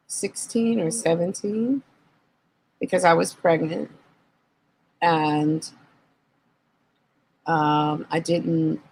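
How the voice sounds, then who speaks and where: A woman guest on an interview show, candidly recounting her life in an earnest, reflective way and slowing down on painful memories. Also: deep voice, gravelly, a little hiss or hum, low-quality recording. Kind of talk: candid personal storytelling.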